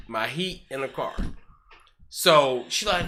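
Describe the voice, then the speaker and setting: A man telling a profane story in casual chat, animated and acting out the voices of people in it. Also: medium pitch, moderate pace, very noisy.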